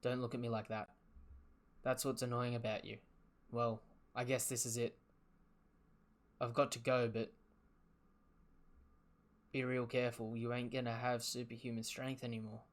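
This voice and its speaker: A man reading aloud the lines of a dying male fox spirit, in a calm, matter-of-fact manner. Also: mid-range voice, moderate pace, long pauses, natural voice. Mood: tender. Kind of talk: reading manga dialogue aloud.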